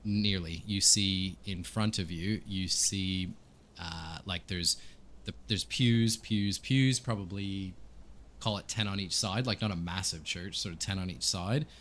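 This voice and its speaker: A man with a deep, low voice running a tabletop game as game master. He describes scenes haltingly, often correcting himself and filling gaps with "like" and "um". A faint hum sits behind him. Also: a bit bright. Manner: hesitant, many fillers and self-corrections.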